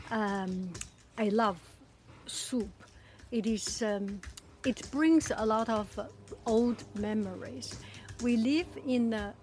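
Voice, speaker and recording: A woman hosting a live stream, greeting viewers in an effusive, halting way with frequent fillers. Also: fairly high pitch, darkish tone, a little hiss or hum. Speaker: livestream host.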